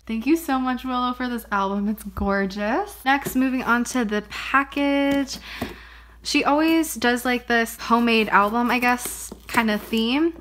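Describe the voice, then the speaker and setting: A woman's voice: a little high, a bit bright. A young woman vlogging casually as she unboxes presents, bubbly and gushing, often gasping and saying how pretty things are. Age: young adult. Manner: bubbly, gushing, frequent gasps and laughs.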